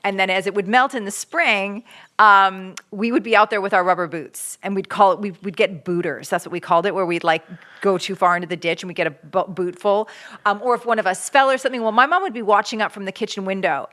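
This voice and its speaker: A middle-aged woman from Canada co-hosting a parenting podcast, talking casually and acting out quoted voices with big jumps in pitch. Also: fairly quick, a bit bright. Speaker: podcast co-host.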